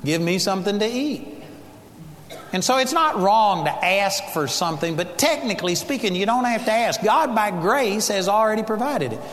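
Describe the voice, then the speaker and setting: A man with a high, light voice preaches a sermon. His delivery is emphatic, and he acts out voices as he quotes scripture. The sound carries a long reverb from a church hall. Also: animated, moderate pace, hardly any pauses, fairly bright tone.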